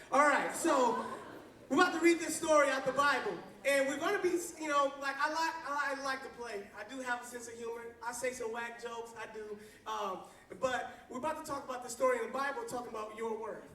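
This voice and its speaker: A man's voice: extremely high pitch, a bit bright, recorded from a distance, a little hiss or hum. A man from Flint preaching as a youth pastor to teenagers in a church hall, joking, laughing and calling out to the crowd for responses. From Flint, Michigan. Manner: playful, call-and-response, often laughing.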